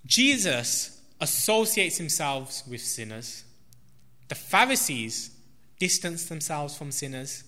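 A man preaching a sermon in a slow, emphatic way, stressing repeated words. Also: on the high side, pushed and bright. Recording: long reverb of a large hall.

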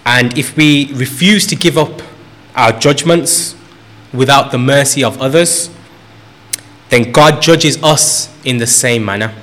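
An earnest male preacher delivering a sermon at a mid-range pitch. He circles back over his phrases and lifts his voice to stress each point. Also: slow, a bit bright. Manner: earnest, repeats phrases for emphasis, rises in pitch on key points.

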